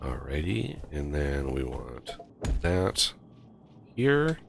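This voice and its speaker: A man's voice: extremely low pitch, sing-song, extremely slow, creaky, noisy background. A man streaming a multiplayer game, casually thinking aloud and counting off steps as he builds. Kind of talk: casual multiplayer gameplay chat.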